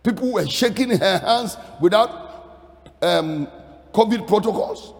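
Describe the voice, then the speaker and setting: A man preaching in a high, wildly swinging voice that climbs from quiet storytelling into shouted, sing-song peaks. His words ring out with a long reverb, as if filling a large hall. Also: expressive, takes it slowly. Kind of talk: sermon.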